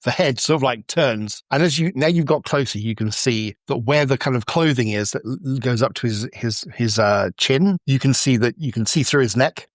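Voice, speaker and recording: A man narrating as a game master, feeling his way through the scene with constant fillers and restarts. His voice sits at a middle pitch, recorded close and dry. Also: normal speed, hardly any pauses, dry recording. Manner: loose, improvised narration with many fillers.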